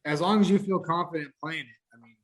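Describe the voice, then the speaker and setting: A man appearing as a podcast guest, calmly walking through betting statistics in a casual chat. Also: fairly high pitch, quick pace. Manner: steady, walks through stats.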